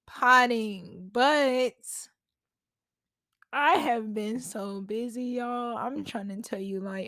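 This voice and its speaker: A woman hosts a casual solo podcast from home, talking straight to her listeners in a chatty, slangy way. Her voice sits a little high and she takes her time with her words. The recording is dry and close, with almost no room sound. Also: a bit bright, dry recording. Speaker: podcast host. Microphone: podcast mic at a laptop.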